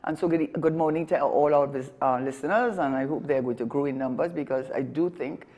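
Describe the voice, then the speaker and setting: Speaking fairly quickly in a low, mellow voice, this Trinidadian-accented woman appears as a talk show guest offering forceful political opinions. She argues her points and keeps correcting herself partway through sentences, and the recording sounds muffled.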